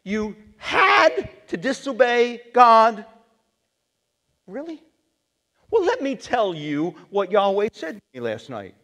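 A preacher voicing a scolding old prophet. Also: male voice, sits high, huge pitch swings, a little slow, a little mellow, full character voice. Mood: stern rebuke. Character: stern, angry old male prophet. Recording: long reverb of a church sanctuary.

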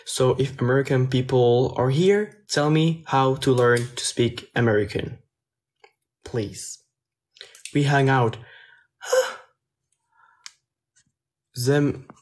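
A man with a French accent, a native French speaker, chatting casually on a phone livestream and answering viewer comments in a soft, hesitant way that often trails off. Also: medium pitch, slow, pauses often. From France.

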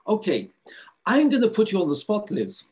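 A man's voice: sits high, wildly swooping pitch, normal speed, a little mellow, slightly rough. A man presenting a live webinar over a video call, eager and full of fillers and restarts. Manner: enthusiastic, with many fillers and restarts. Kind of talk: teaching a live online webinar.

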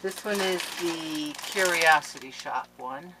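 A woman hosting a crafting channel, chatting casually to viewers in a gushing, excitable way as she opens mail at home. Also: low voice, slow. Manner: excitable and gushing, with gasps and laughs. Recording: noisy background with clicks.

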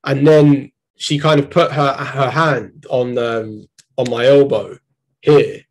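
A young man with a London accent, a poet giving a reading and talking between poems in a measured, reflective way. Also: medium pitch, fairly even intonation, darkish tone, rough recording. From Britain. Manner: measured, reflective, hesitant asides. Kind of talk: poetry reading with spoken asides.

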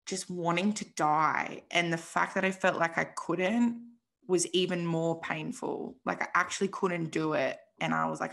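Low, gravelly-voiced young woman telling her story. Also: fairly even intonation, a little slow, fairly bright tone. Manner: emotional, frank, swears freely, says "like" often. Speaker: podcast guest. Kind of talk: candid personal story in an interview.

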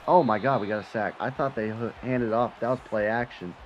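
Gameplay streamer, male, lowish voice, dips to mutters then bursts into loud excitement, dull lo-fi mic. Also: fairly quick, a little hiss or hum. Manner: swings from low mutter to excited yelling, swears when frustrated. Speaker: gaming channel host. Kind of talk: live gameplay commentary.

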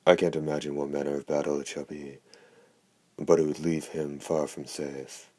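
A man's voice: rumbling low, little pitch movement, moderate pace, darkish tone. A man reading the lines of a formal noble countess who speaks in stiff, old-fashioned phrasing. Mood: grave.

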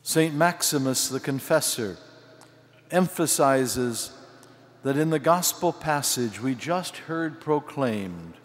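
An older man preaches a homily, breaking his lines into short, deliberate phrases. He speaks very slowly at a middle pitch. His voice rings out with the long reverb of a large cathedral. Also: animated. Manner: slow, measured delivery in short phrases. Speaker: archbishop preaching. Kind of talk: sermon.

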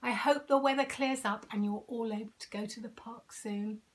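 A woman's voice: fairly high pitch, steady tone, moderate pace. An older woman at home reading a picture book aloud to children, sing-song with dramatic whispers. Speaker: storyteller.

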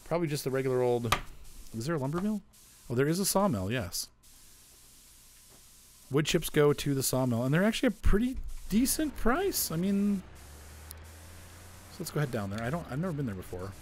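A man in the middle of his range talks through a farming game in a relaxed, running commentary. He chats easily and grumbles at glitches as he goes. A faint background hiss sits under his voice. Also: mid-range voice, fairly quick, pauses often. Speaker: gaming video host. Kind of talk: casual gameplay commentary.

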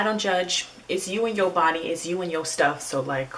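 A woman's voice: sits low, moderate pace, a bit bright, far from the mic, a little hiss or hum, poor audio. A woman YouTuber chatting casually through a storytime vlog, with casual slang and swearing.

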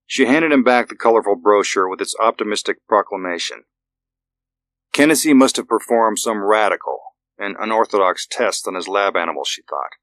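A man narrating a thriller audiobook in a measured, steady way. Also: fairly low pitch, no room sound.

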